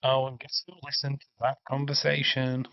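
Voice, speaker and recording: A man's voice: mid-range voice, monotone, normal speed, gravelly, no room sound, lo-fi sound. An English man hosting a casual movie watch-along stream, chatting with viewers and swearing freely. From England. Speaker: livestream host.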